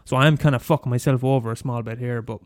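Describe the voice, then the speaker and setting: A young Irish man ranting profanely on his podcast, talking fast and mumbling. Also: mid-range voice, steady tone, no room sound. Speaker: podcast host. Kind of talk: casual solo rant.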